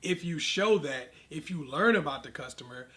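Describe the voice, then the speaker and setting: A man's voice: fairly high pitch, expressive, normal speed, sharp tone. A man giving confident sales advice in a casual monologue, stressing his points in long repeated lists. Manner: confident, direct. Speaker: sales coach vlogger.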